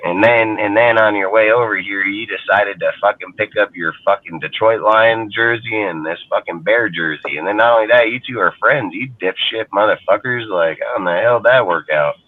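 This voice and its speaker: A man co-hosting a casual sports talk show, loud and crude, swearing constantly and acting out rival fans in mocking voices. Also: lowish voice, moderate pace. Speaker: podcast co-host. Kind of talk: profane casual sports chat. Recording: phone-like narrow band.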